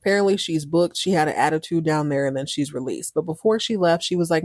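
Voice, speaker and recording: Chatty woman with a low voice. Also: fast talker, a little mellow, no room sound, clean studio sound. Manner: slangy, chatty, laughs often. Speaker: podcast host. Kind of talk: casual show recap.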